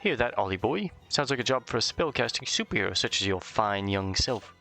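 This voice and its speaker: A man's voice: lowish voice, lively intonation, a little fast, gravelly, sharp tone, faint music behind, heavily acted. A man voicing a cheeky little male fairy sidekick, chummy and full of slang.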